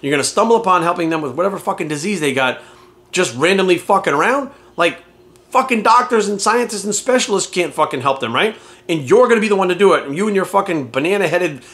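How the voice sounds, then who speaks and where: Fast-talking blunt male fitness coach. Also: high voice, a bit bright. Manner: blunt, heavy swearing, rhetorical questions. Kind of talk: profane casual vlog rant.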